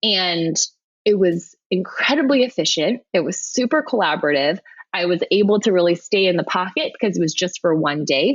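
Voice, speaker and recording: Lively woman guest, low and dry. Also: no echo, muffled recording. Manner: animated, laughs often, frequent restarts. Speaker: podcast guest, web designer. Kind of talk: conversational storytelling.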